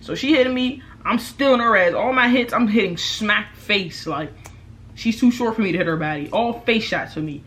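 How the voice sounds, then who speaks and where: A young woman vlogger, telling a storytime in casual, profane talk, loudly acting out what people said. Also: medium pitch, normal speed. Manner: animated, profane, acts out quotes loudly. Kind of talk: casual storytime while eating.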